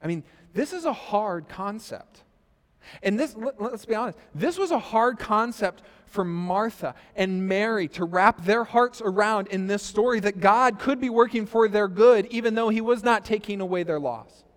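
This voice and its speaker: A man in his thirties preaching a sermon, telling a personal story with quoted asides and loudness that rises and falls. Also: sits high, normal speed. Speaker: pastor. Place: church sanctuary. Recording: reverberant church hall.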